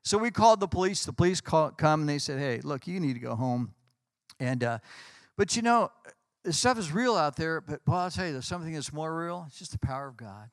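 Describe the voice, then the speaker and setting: A man, a pastor, telling lively anecdotes in conversation and acting out what people said. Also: a little high, brisk, dry recording. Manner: animated anecdotes, acts out quotes. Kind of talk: storytelling in a conversation.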